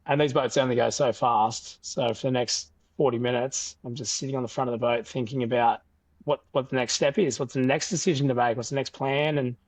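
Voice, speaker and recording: As a guest on a casual podcast, a young Australian man tells a story in an animated, loose way, full of fillers and restarts. His voice is medium-pitched, and the recording is dry.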